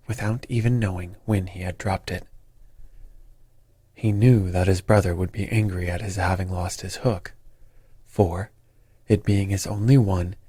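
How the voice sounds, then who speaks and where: A man reads a calm bedtime story in a slow, soothing way. His voice is deep and husky, recorded close in a dry, dead space. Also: no echo. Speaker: sleep story narrator.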